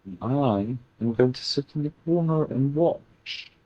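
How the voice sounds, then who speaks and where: A man channeling a playful female spirit who teases and amuses herself, speaking very slowly with halting pauses in a mellow, dark voice. The recording is dull and dry. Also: mid-range voice, animated, no echo, lightly acted. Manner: slow, halting, playful and teasing. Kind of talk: channeling session.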